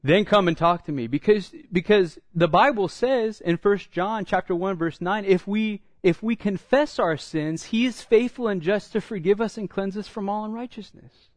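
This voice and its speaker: A middle-aged man preaching a sermon, telling stories and acting out the dialogue, getting louder and higher when excited. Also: moderate pace, dry recording. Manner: animated storytelling, acts out dialogue, rises when excited. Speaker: pastor.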